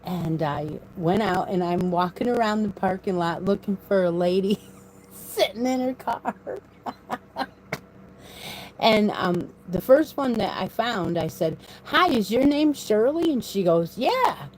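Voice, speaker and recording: A woman's voice: mid-range voice, measured pace, a little mellow, slight background noise, low-quality recording. A woman hosting a casual live stream, rambling and laughing often, speaking into a phone propped on her desk in a room at home. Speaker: crochet channel host.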